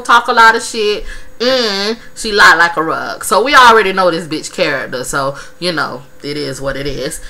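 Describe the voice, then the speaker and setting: A woman's voice: lowish voice, sharp tone, rough recording. A woman giving a blunt, profane, gossipy recap of a reality show episode. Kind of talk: casual recap vlog.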